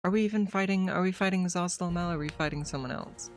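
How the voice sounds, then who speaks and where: A woman's voice: lowish voice, quick pace, faint music behind. A young woman streamer chatting casually over a game, swearing now and then. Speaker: VTuber streamer.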